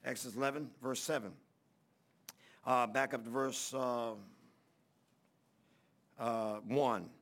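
A man preaching a sermon in a folksy, halting way with many fillers, reading scripture aloud in old-fashioned wording. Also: mid-range voice, steady tone, a bit bright. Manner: reads scripture aloud in King James wording. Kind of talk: sermon Bible teaching.

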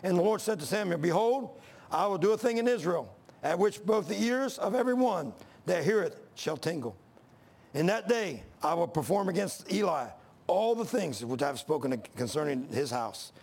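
A man's voice: sits high, lively intonation, normal speed, gravelly, darkish tone. A man preaching a sermon, reading scripture and telling folksy stories.

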